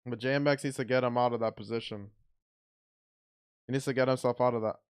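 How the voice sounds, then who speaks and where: Guy doing live boxing play-by-play, clean smooth voice, blunt and excitable, trips over his words. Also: medium pitch, fast talker. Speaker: watch party commentator. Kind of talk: live fight commentary.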